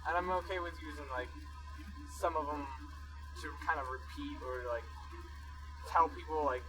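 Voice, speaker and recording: Bright-voiced earnest man. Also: on the high side, soft background music, low-quality recording. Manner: earnest, halting, restarts often. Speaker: podcast co-host. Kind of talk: casual chat. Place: inside a car on a road trip.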